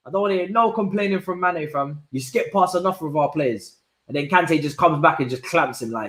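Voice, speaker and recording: A young man reacting live to a football match, swinging from low muttering to loud shouts and using plenty of slang. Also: lively intonation, normal speed, roomy sound, poor audio. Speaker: football watch-along streamer. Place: indoor room at home.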